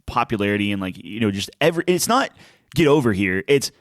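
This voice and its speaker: A man's voice: fairly low pitch, sing-song, fast talker, dry recording, clean studio sound. A man co-hosting a podcast in casual chat. He rambles with restarts and acts out quoted lines. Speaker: podcast co-host.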